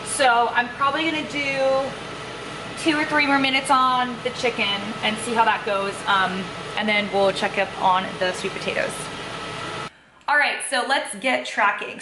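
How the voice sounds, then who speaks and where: A woman's voice: fairly high pitch, noisy background. A young woman vlogging a casual cooking and food-tracking walkthrough in her home kitchen, talking loosely with lots of ums and kindas. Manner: chatty, many fillers like um and kinda. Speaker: fitness vlogger. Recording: echoey kitchen with faint ambience.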